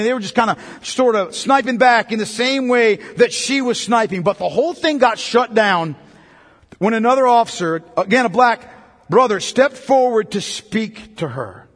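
A man preaching a sermon as pastor, swinging between loud emphasis and quiet, low passages. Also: normal speed, long reverb tail.

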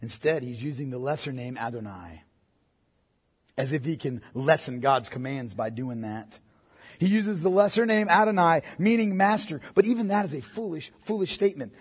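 A male pastor preaching a sermon, swinging from hushed, low passages to loud, emphatic ones. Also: animated, moderate pace, breathy edge, in a large hall.

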